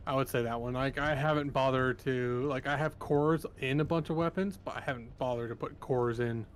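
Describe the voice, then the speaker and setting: A man in casual gameplay chat as a co-player, relaxed and offhand, with lots of "like". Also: mid-range voice, moderate pace, a little hiss or hum. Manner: relaxed, offhand, uses "like" a lot.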